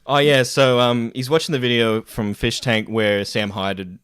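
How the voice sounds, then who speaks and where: A man's voice: mid-range voice, moderate pace, smooth, no room sound, clean studio sound. A man co-hosting a casual podcast, telling stories with frequent laughter and swearing. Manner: laughs often, swears, animated storytelling. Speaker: podcast co-host.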